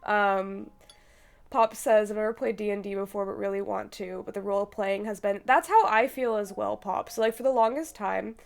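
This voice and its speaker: Rambling young woman streamer, gravelly. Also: medium pitch, moderate pace. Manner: rambling, hesitant, full of likes and ums, laughs often. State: feverish. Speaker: streamer interviewing her brother. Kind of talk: casual chat.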